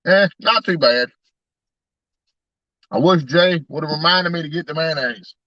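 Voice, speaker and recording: A man's voice: a little high, unhurried, pushed and bright, dry recording, dull audio. A man, casually chatting to his live-stream audience, laughing often and talking straight to the chat. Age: 30s. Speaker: truck tire shop owner and YouTuber.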